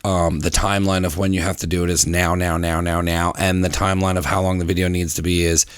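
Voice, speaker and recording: A male podcast host with a fairly low voice drifts through his stories in relaxed, casual chat, swearing freely. The recording is dry and close, with no room sound around him. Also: fast, dry recording. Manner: loose rambling storytelling, frequent swearing.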